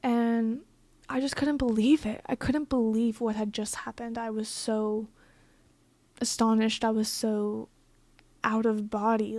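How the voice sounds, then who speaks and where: A woman's voice: fairly high pitch, little pitch movement, unhurried, darkish tone, no echo. A young woman telling a personal story in a casual, blunt and profane way, full of filler "like"s. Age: young adult. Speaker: vlogger.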